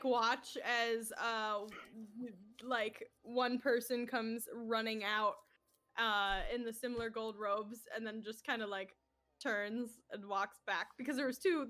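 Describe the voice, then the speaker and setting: A woman's voice: on the high side, a bit bright. A woman narrating as game master of a tabletop game, laughing often as she describes scenes and voices characters.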